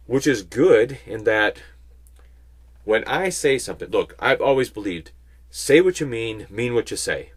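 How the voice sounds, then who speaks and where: A man giving a casual Bible teaching, chatting with rambling asides and slowing down to stress key points. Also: fairly low pitch, lively intonation. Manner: conversational, rambling asides, slow emphatic stresses. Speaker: Christian speaker.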